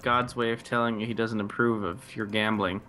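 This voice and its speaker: A man co-commentating a game in casual chat, with dry, deadpan teasing. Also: fairly low pitch, normal speed, faint music behind.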